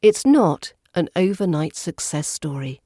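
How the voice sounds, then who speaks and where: A woman's voice: sits low, expressive, a little slow, warm tone, no room sound, studio quality. A woman with a British RP accent giving a scripted, upbeat accent lesson for a podcast. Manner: upbeat, playful teaching tone.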